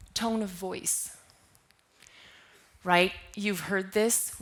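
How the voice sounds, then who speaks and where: Slow, measured woman giving a keynote. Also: mid-range voice, fairly bright tone. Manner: asks the audience questions. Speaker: keynote speaker. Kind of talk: conference keynote talk.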